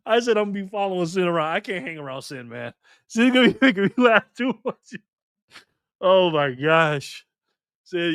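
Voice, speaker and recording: A man's voice: high voice, a bit bright, no room sound, studio quality. A man hosting a casual live stream, laughing often and bantering with his chat as he reads their comments.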